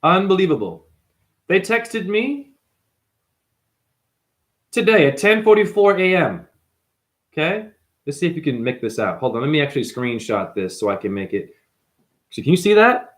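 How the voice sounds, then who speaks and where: A man's voice: a little high, big pitch swings, a little fast. A man hosting a numerology video, ranting to camera in a confrontational, preachy way and calling viewers honey. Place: apartment.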